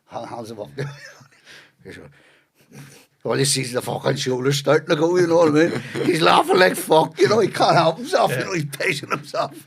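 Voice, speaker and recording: Guy, gravelly voice, rambling and swearing through a yarn. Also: fairly high pitch, very animated, normal speed. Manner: swears freely, rambling anecdotes with fillers. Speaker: podcast guest. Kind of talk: casual storytelling.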